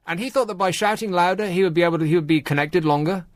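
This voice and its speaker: A man's voice: high-pitched, very fast, few pauses, no echo. A man hosting late-night radio, telling rambling wry stories. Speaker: radio host.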